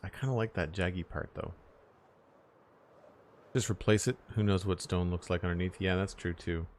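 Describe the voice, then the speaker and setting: A man streams a building game, relaxed and chatty, talking to his viewers while he works. His voice is low-pitched at normal speed, with a little hiss or hum in the recording.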